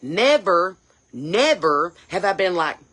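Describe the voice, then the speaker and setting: A woman's voice: on the low side, sing-song, slow pace, fairly bright tone, full character voice. A woman playing a brash, indignant chain-smoking mom, scolding and firing off rhetorical questions. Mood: indignant rant. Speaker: comedy character creator. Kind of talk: character comedy rant.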